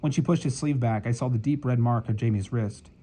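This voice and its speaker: A man reading a novel aloud as an audiobook narrator, in measured storytelling. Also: mid-range voice, mellow, low-quality recording. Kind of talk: scripted narration.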